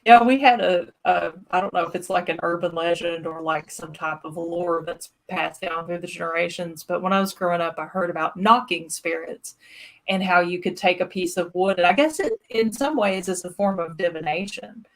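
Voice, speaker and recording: A woman with a slightly low voice hosts a livestream interview. She talks in a friendly, eager, chatty way and laughs easily. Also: moderate pace. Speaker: host of a paranormal livestream. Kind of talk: casual interview and livestream chat.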